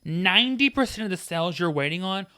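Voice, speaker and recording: A young adult man co-hosting a podcast, ranting in casual chat with an animated, sarcastic-sounding delivery. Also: sits high, fast talker, smooth. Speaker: podcast co-host.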